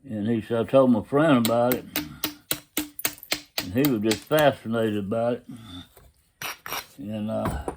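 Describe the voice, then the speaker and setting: A man's voice: fairly low pitch, a little slow, long pauses, background noise. A man telling a story in a folksy, casual way, constantly retelling what others said. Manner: folksy drawl, retelling quotes with "he said".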